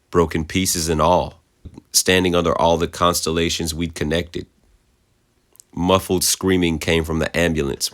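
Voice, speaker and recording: A man narrating a creepypasta horror story in a measured, somber way. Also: low voice, a bit bright.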